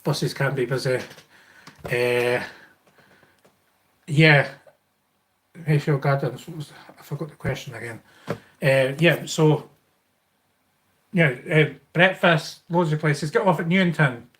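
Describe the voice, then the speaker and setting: A middle-aged man with a Scottish accent chats loosely on a live Q&A stream. He rambles, stops and restarts, and fills his pauses as he thanks viewers one by one. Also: a little high, fairly bright tone, a little hiss or hum. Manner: rambling, thanks donors, frequent fillers and restarts. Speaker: YouTube channel host.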